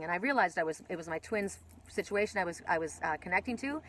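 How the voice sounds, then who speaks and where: A woman's voice: fairly low pitch, lively intonation, quick pace, fairly bright tone, low-quality recording. A woman giving a casual spiritual oracle card reading, rambling with many restarts and casual swearing.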